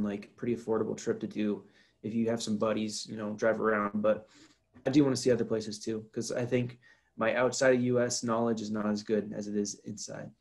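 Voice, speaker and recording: A young man in casual chat, rambling with fillers as a podcast co-host. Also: lowish voice.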